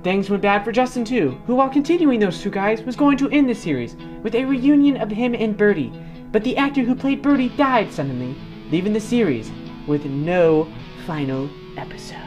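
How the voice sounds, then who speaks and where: A young man narrating a mock documentary in a deadpan, mock-serious way, with guitar music behind. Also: high-pitched, normal speed.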